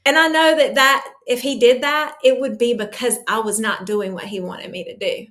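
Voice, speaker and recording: A woman's voice: a little high, steady tone, normal speed, fairly bright tone. A woman yoga teacher speaking earnestly and emotionally about her faith in an interview. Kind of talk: faith-centered interview talk.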